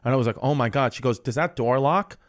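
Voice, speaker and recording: A man spins a long, crude anecdote in loose, casual podcast chat. He strings it together with 'he goes' and 'I was like', restarting sentences as he goes, and swears bluntly. His voice sits at an ordinary middle pitch. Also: fast talker. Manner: rambling storyteller, quoting people with 'he goes'.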